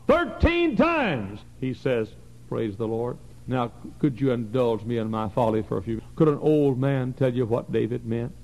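A man in his forties preaching a fervent sermon in a church, his voice swinging from soft passages to loud, high bursts. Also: steady tone, moderate pace, creaky, few pauses, poor audio. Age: 40s. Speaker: pastor. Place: church sanctuary.

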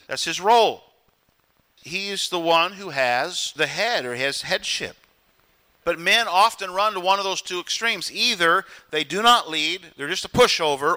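Bright-voiced emphatic male preacher. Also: high voice. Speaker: pastor. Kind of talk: sermon.

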